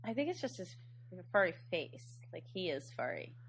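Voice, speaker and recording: A woman's voice: on the low side, very animated, moderate pace, vocal fry, husky. A woman co-hosting a podcast, chatting casually about a movie, playful and often laughing. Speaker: podcast co-host.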